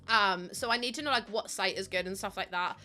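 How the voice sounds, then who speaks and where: Bright, giggly Irish woman streamer. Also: medium pitch, a little fast, soft background music. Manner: rambling, giggly, swears casually. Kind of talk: casual live-stream chat while playing.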